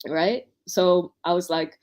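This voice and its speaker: A woman's voice: on the low side, slow, a little mellow. A woman doctor on an online panel, giving chatty advice to new doctors and acting out quoted lines in her stories. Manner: chatty, anecdotal, acts out quoted speech.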